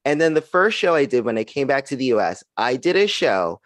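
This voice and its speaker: A man's voice: medium pitch, fairly quick, no echo. A young man performs stand-up comedy into a video-call mic, his voice leaping all over the place as he drives toward each punchline. He sounds close and dry, with no room around him. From United States. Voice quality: animated, punchy delivery with frequent laughs. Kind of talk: stand-up set on a live stream.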